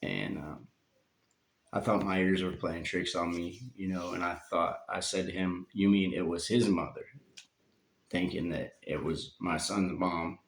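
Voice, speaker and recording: A man with a very low, gravelly voice, telling a painful story from his own life. He speaks haltingly and heavily, with long pauses. The sound comes from a phone in a roomy space with some echo. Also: a bit bright. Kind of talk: personal storytelling.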